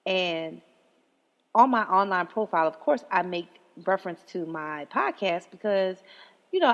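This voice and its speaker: A woman hosting her own podcast, ranting in a profane, animated way and often breaking into laughter. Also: mid-range voice, creaky, long reverb tail, muffled recording. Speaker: podcast host. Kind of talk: solo podcast rant.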